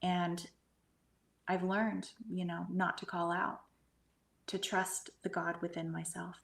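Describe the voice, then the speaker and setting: A middle-aged woman telling a personal spiritual experience in an earnest way, sometimes sinking to a hushed whisper. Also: lowish voice, level tone, slow pace, gravelly, long pauses. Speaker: guest medium and energy healer. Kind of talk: conversational storytelling.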